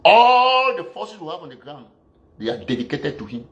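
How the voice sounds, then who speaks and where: A man gives a combative political rant. His voice sits high for a man. He keeps scolding and hammering his listeners with rhetorical questions. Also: big pitch swings, moderate pace, fairly bright tone, highs cut off. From Southern Cameroon. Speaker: activist commentator.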